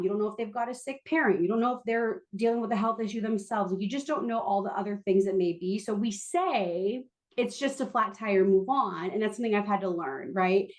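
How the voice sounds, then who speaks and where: A woman guest on a podcast interview, telling a candid, self-deprecating story about work with quick asides. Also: mid-range voice, darkish tone.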